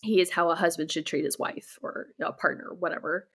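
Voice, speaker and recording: Low, gravelly young woman telling her story. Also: a bit bright. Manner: candid, blunt, swears freely; halting, restarts sentences often. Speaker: interview guest. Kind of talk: candid personal storytelling interview.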